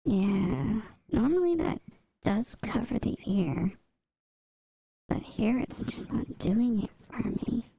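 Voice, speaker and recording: Gravelly-voiced woman chatting while drawing. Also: medium pitch, slow pace, mellow, no room sound, poor audio. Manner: chatty, answers chat, mutters to herself while drawing. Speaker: streamer drawing live. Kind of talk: casual livestream chat. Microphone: desk mic by a drawing tablet.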